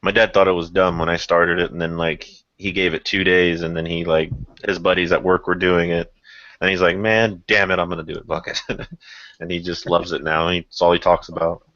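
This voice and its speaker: On his casual podcast, a young man tells meandering stories packed with fillers and breaks into laughter frequently. His voice sits low and is a bit bright, with a level tone and slightly quick pace, on dry, muffled lo-fi audio.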